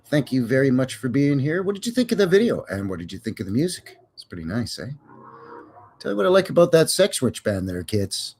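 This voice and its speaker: A man's voice: mid-range voice, very animated, brisk, darkish tone, breathy edge. A man hosting a casual live stream, chatting in a folksy, rambling way with jokes and cowboy slang.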